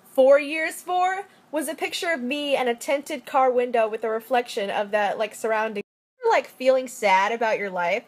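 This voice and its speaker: Rambling young woman, slightly high voice. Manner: rambling, joking, heavy use of "like". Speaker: vlogger. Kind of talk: casual selfie-story chat. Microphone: phone camera.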